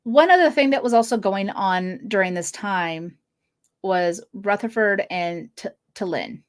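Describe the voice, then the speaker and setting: A woman with a mid-range voice hosts a fan podcast and recaps episodes in a relaxed, talkative way. She laughs easily and slips into short acted-out quotes while she retells scenes. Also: mid-range voice. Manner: chatty and giggly, retelling scenes with quick quoted asides. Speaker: podcast host. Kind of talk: casual episode review.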